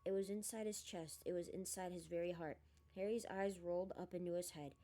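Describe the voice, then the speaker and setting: A woman reading a novel aloud in a steady storytelling manner. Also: on the low side, a little fast. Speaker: audiobook reader. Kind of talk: storybook narration.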